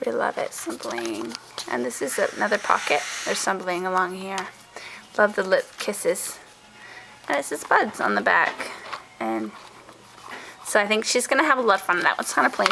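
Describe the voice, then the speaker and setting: Young woman, home craft vlogger, bright lively voice with some fry, unhurried and chatty, faint hiss in the background. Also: medium pitch, rough recording. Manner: soft, chatty, trails off and restarts. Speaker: scrapbooking vlogger. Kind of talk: casual show-and-tell.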